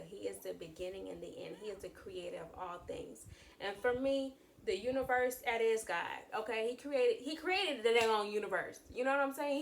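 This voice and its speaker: Casual vlogger woman, mid pitch, faint room noise, talks in loose repeating phrases. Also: vocal fry. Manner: chatty, repeats and restarts phrases, addresses viewers as y'all. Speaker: channel host sharing faith views. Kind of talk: casual talk to camera.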